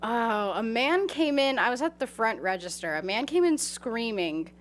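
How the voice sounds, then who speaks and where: A woman's voice: fairly high pitch, normal speed, a little hiss or hum. A woman in her twenties, a podcast guest, chatting casually and telling stories with frequent giggles. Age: 20s. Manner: giggly, animated storytelling. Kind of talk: casual chat.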